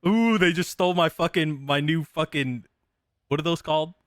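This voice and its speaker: A man's voice: fairly high pitch, normal speed, no echo, clean studio sound. A man chatting in character as a sheriff's deputy in an online roleplay, joking and swearing as he teases his coworkers. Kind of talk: casual in-character roleplay chat.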